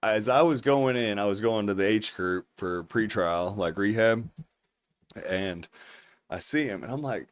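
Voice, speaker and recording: A man's voice: on the low side, normal speed. A man around forty, a podcast host, telling a long story casually with a lot of swearing and frequent laughter. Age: 40s. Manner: profane, animated storyteller who laughs through his anecdotes.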